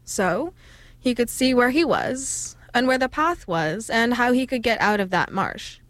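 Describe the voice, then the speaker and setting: A woman reading an old folk tale aloud in a steady, expressive storytelling manner. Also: a little high, measured pace, dry recording.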